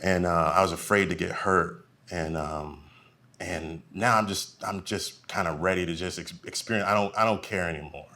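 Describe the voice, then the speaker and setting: A man's voice: low voice, moderate pace. A man in his forties doing a stand-up comedy set, telling stories and acting out the people in them. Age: 40s. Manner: animated storytelling, acting out voices. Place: live comedy venue.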